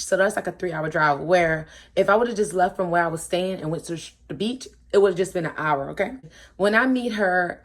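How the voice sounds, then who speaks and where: A young woman telling a storytime tale to her viewers in a casual, animated and exasperated way. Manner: animated, exasperated, acts out quotes with swings in pitch. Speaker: storytime vlogger.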